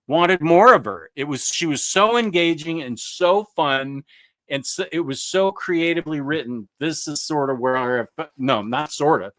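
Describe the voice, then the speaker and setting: A man's voice: on the high side, takes it slowly, a bit bright, dry recording. A man hosting a casual comics chat, enthusiastic and rambling, with lots of fillers and restarts. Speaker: comics podcast host.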